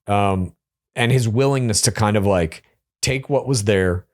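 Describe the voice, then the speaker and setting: A man hosting a casual reality show recap, chatty and opinionated, with quick asides. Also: fairly low pitch, a little mellow. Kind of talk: casual episode recap commentary.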